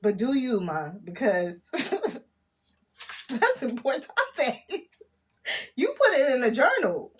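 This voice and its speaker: A woman, chatting on a live stream as a spiritual reader, laughing often, loud and disbelieving, full of slang. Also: a little high, sing-song, takes it slowly, pauses often, a little hiss or hum. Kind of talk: casual live-stream chat.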